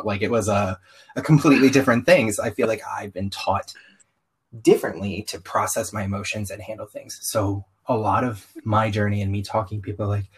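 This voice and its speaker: Husky young man with slight Southern accent. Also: on the low side, a little fast. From Southern US, raised partly in Baltimore. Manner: open, animated storytelling with quoted asides. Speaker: guest. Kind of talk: candid conversational interview.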